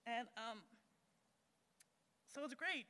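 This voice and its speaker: A woman's voice: a little high, slow, bright, forceful tone. An American woman, a guest speaker, telling her personal testimony in a church service, candid and emotional with frequent fillers. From USA. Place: church hall, live-streamed service. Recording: echoey church hall.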